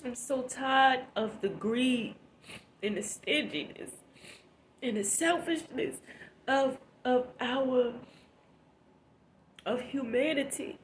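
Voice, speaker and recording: A woman's voice: high voice, slow pace, pauses often, slight background noise. A woman vlogger, talking through tears in an emotional, preachy commentary, repeating herself for emphasis. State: tearful, sniffly.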